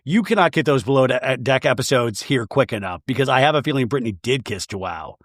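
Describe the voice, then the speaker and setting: A man hosting a comedic reality TV recap, sarcastic and animated. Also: medium pitch, fast, dry recording, clean studio sound. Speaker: podcast host.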